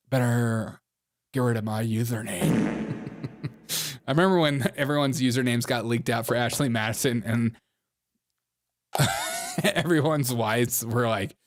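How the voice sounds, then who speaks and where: A man's voice: medium pitch, dry recording, studio quality. A man hosting a casual political reaction show, sarcastic and often laughing between remarks. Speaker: host of a political commentary show.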